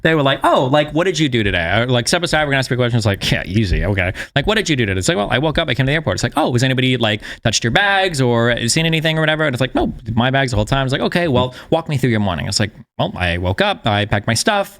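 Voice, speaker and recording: A man talking quickly in a casual chat, firing off profane anecdotes. He acts out both sides of each exchange, swapping in quick quoted lines. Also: medium pitch, sing-song, fairly bright tone. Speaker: host.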